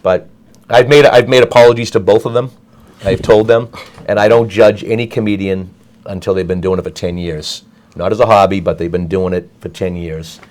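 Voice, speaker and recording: A man's voice: low voice, steady tone, normal speed, a little mellow. A middle-aged man telling a rambling story in casual chat, full of restarts and asides. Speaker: guest storyteller.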